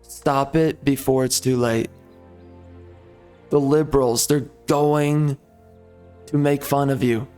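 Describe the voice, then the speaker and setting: A man's voice: a little high, steady tone, slow pace, pauses often, darkish tone, faint music behind. A man giving casual gameplay commentary, ranting in a mock-outraged, sarcastic way. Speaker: strategy game YouTuber.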